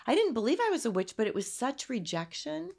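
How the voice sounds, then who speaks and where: A woman telling her personal faith story as an interview guest, earnest and halting, near tears at times. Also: a little high, sing-song, creaky, a little mellow. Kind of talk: emotional personal testimony.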